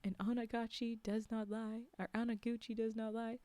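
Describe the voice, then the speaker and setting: A sly man putting on grave, formal speech to impress tourists, voiced by a woman storyteller. He talks slowly and solemnly in a mellow, smooth tone. The reading is close and dry. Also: a little high, level tone, dry recording, lightly acted. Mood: mock-solemn. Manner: slow, solemn, mock-formal. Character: sly man posing as a solemn hunting guide.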